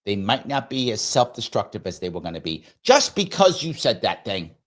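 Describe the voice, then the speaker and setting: Middle-aged male show host, earnest conversational monologue, animated pitch. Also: moderate pace. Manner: earnest and conversational, acts out quoted dialogue. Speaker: host of a live discussion show. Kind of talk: casual live monologue.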